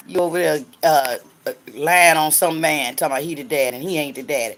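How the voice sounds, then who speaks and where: Loud trash-talking woman in her sixties. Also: expressive, a little fast, few pauses. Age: 60s. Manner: loud, cursing, trash-talking, swings between hollering and low muttering. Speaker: livestream host. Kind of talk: livestream chat answering viewers.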